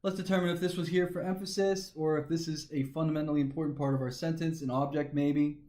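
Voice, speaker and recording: A man's voice: a little high, fairly even intonation, fast talker, dark tone. A man teaching a grammar lesson, methodically talking through each step aloud. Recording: echoey room.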